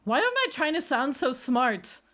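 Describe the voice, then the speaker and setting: Lively, animated woman streamer. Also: sits high, normal speed. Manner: animated, self-mocking, cringing at old clips. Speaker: VTuber streamer. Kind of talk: casual stream chat.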